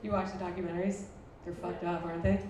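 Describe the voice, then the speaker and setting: A woman's voice: on the low side, level tone, quick pace, darkish tone. A woman in her thirties from Buffalo doing a brash, crude, self-mocking stand-up set in a former library before a live audience. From Buffalo, New York. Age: 30s. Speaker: stand-up comedian. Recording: echoey distant room mic with noise. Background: audience laughter.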